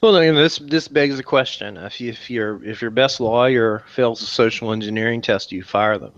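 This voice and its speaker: A man's voice: medium pitch, a little fast, highs cut off. A man co-hosting a podcast, chatting casually and breaking in with questions and quips. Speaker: podcast co-host. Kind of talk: casual chat.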